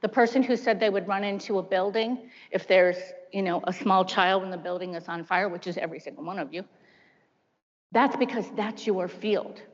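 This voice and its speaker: A woman in her fifties, a prosecutor, giving a chatty seminar talk full of lively asides. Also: mid-range voice, normal speed. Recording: dull lo-fi sound in a large hall.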